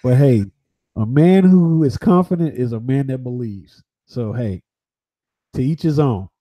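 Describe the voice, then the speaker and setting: A man giving his views as a boxing pundit in a casual livestream debate, halting and often restarting. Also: mid-range voice, dark tone.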